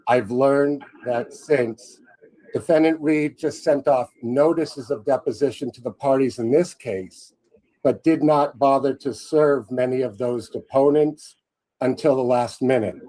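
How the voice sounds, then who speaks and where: A man attorney reading a prepared statement to a judge at a hearing, formal and measured. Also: mid-range voice, mellow, low-quality recording.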